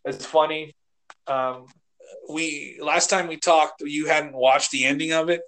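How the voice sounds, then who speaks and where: Rambling, animated podcast host man. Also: on the high side, a little slow. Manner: rambling, animated, swears and acts out quotes. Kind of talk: casual chat.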